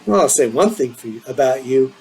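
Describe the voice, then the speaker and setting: A man's voice: expressive, fairly quick, a little hiss or hum, lightly acted, low-quality recording. A man voicing a teasing, eager teenage boy, in a playful, needling manner. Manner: playful, needling, higher and brighter than his own voice.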